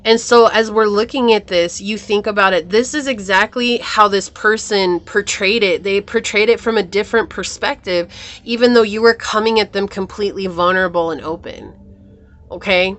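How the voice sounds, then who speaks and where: A woman's voice: medium pitch, normal speed, fairly bright tone. A woman giving a pick-a-card tarot reading to her viewers in a chatty, upbeat way. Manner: chatty, upbeat, addresses viewers as you guys. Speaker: tarot reader.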